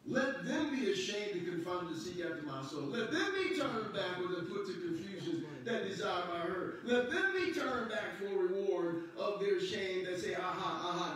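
A man's voice: high-pitched, lively intonation, moderate pace, few pauses, fairly bright tone. A man preaching a sermon as pastor, reading scripture aloud and building up into passionate, raised bursts. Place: church sanctuary. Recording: echoey church hall from far off.

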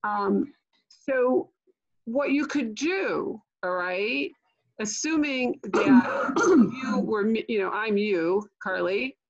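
Older lady coaching on a video call, chatty, gravelly voice, kinda dull lo-fi audio. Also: on the high side, animated, slow. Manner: chatty, keeps asking "okay?" and "right?"; jokey asides. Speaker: LinkedIn trainer. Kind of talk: online training webinar.

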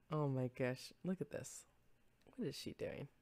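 Giggly low-voiced woman streamer. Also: dark tone, dry recording. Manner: giggly, rambling, easily distracted. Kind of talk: casual chat with stream viewers. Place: home room.

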